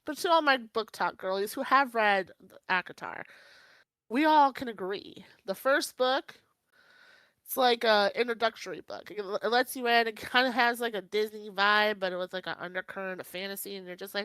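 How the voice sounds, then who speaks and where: A woman's voice: mid-range voice, moderate pace, dry recording, poor audio. A young woman co-hosting a casual podcast, gushing dramatically with frequent laughter and swearing. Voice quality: laughs often, animated storytelling. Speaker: podcast co-host. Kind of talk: casual chat.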